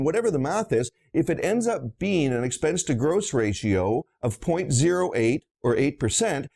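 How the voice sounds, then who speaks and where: Lively, gravelly-voiced dentist lecturing bluntly. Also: male voice, mid-range voice. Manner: blunt, emphatic storytelling with rhetorical questions. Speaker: dentist and practice consultant. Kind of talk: lecture on practice finances.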